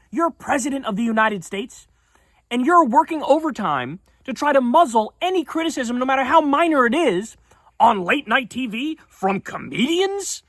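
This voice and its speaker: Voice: sits high, expressive, a bit bright, no room sound, studio quality. A streamer ranting casually about politics on a livestream, swearing often and sounding indignant. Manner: profane, indignant, fast-talking.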